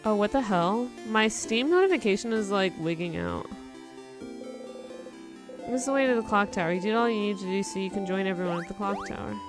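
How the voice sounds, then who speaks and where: A woman's voice: mid-range voice, animated, brisk. Woman streamer reading a game aloud. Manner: casual, chatty, reads narration aloud. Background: game music.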